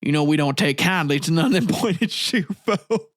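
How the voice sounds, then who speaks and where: A man puts on a surly medieval townsman who drawls and sneers at strangers, chuckling between lines. The voice sits a little high for a man, and the sound is close and dry. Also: expressive, moderate pace, dry recording, lightly acted. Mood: gruff mocking.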